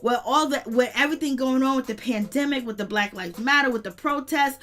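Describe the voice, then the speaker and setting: A woman with a high, bright voice hosts a casual recap of a reality show. She retells each scene with energy and cheers loudly at the drama. Her speech carries a relaxed, street-flavored manner. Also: brisk.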